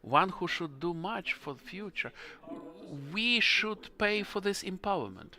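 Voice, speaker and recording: Slow, earnest man. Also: high-pitched, expressive, pushed and bright. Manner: halting, earnest, emotional, searching for English words. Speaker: forum panelist. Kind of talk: panel discussion answer.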